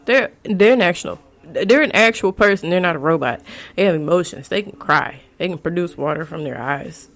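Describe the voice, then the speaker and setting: A woman's voice: fairly low pitch, expressive, moderate pace. A woman hosting a podcast who gives frank, casual advice in a rambling way, with profanity and frequent restarts. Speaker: podcast host.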